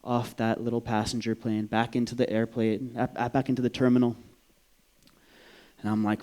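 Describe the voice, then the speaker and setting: Speaking at medium pitch and normal speed, this Vancouver, Canada man shares a personal story on stage. He's animated and swears freely, performing the different voices himself.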